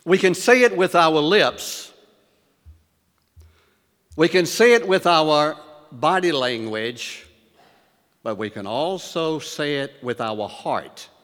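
Male preacher, slow deliberate delivery, rhetorical questions, long hall reverb. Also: on the high side, expressive, fairly bright tone. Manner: reads scripture in elevated, rising tones. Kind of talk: sermon.

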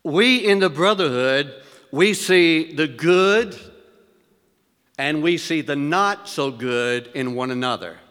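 Male preacher, unhurried sermon cadence, lifts his voice for scripture, echoing church hall. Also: a little high, lively intonation, fairly bright tone, clear, resonant tone. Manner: slow, deliberate emphasis with rhetorical questions to the congregation; reads scripture in elevated, rising tones.

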